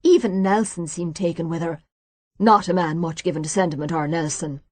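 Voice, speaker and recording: A woman's voice: fairly low pitch, fairly even intonation, brisk, darkish tone, dry recording, lightly acted. A woman voicing a cheerful Irish man with a hearty Irish accent. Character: jovial Irish man, archaeologist.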